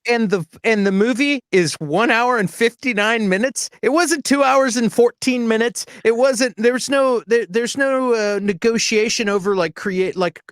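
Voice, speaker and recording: A man's voice: extremely high pitch, measured pace, few pauses, fairly bright tone, clean tone, no echo, clean studio sound. A man in a casual chat, emphatic and full of stammering restarts and fillers.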